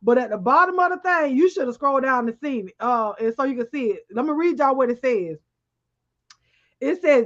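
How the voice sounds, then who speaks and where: A woman co-hosting a casual news chat show, animated, laughing often and talking straight to her viewers. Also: high voice, brisk, muffled recording.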